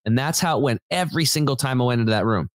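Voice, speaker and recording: A man talks as a podcast guest, telling a story in a loose, rambling way with plenty of "like" and "dude". His voice sits in a middle pitch. It sounds dry, with no room echo. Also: rapid-fire. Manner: rambling and animated, many fillers and restarts; informal, says "dude" and "like". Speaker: podcast guest, health company founder. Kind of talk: casual storytelling in conversation.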